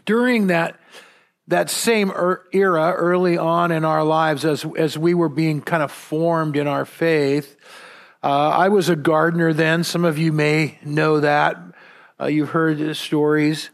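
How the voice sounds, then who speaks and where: A man preaching as a pastor in a conversational way, rambling through personal stories with relaxed, gently self-mocking humor and plenty of fillers and restarts. His voice is fairly high and gravelly, and he speaks a little slowly.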